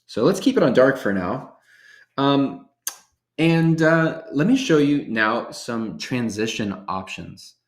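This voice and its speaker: A man presenting a workshop, walking through software features step by step in an upbeat, casual way. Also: mid-range voice, animated, slow, reverberant. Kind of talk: software tutorial demonstration.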